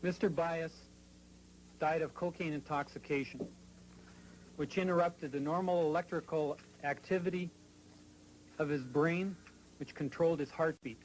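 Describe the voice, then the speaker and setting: A man's voice: on the high side, fairly even intonation, a little slow, long pauses, a little hiss or hum, poor audio. A man giving a formal, clinical medical explanation at a briefing.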